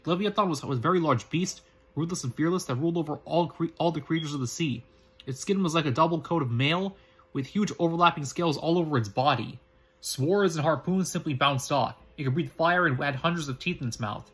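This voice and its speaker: Dude reading as a cocky boy wizard lecturing, husky and quick. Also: a little high, a bit bright. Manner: confident, lecturing. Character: cheeky, boastful boy wizard, sure of himself.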